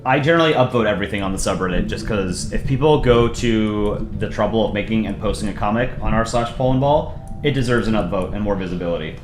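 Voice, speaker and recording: A man doing casual live-stream commentary as he reviews comics, relaxed and self-deprecating, often pausing with ums. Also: lowish voice, reverberant, over music.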